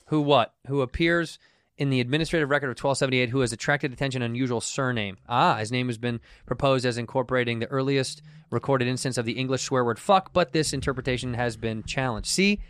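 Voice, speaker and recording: A man's voice: medium pitch, a little fast, a bit bright, clean tone, dry recording. A man co-hosting a casual podcast, joking, swearing and laughing as he reads articles aloud. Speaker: podcast co-host.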